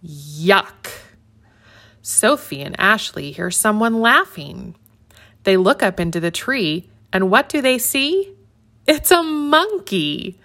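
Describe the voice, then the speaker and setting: A woman reading a children's story aloud in an expressive, sing-song way. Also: medium pitch, slow.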